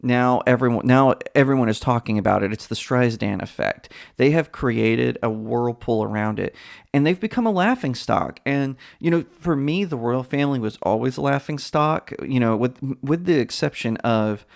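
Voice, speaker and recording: A man's voice: mid-range voice, normal speed, gravelly. A man giving opinionated solo commentary in a scornful, mocking way, rambling with many fillers. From United States. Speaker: political commentator.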